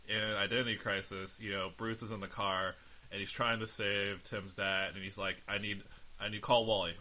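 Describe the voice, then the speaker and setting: A man hosting a casual podcast, relaxed as he leads the discussion. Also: fairly low pitch. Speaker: podcast host. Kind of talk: casual chat.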